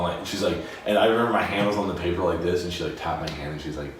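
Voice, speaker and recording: A man's voice: sits low, racing, hardly any pauses, a little hiss or hum. A young man co-hosting a casual podcast, telling stories and acting out the voices of the people in them. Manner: animated, acts out quotes in shifting voices. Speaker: podcast co-host. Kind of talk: casual storytelling chat. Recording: echoey room, mic at a distance.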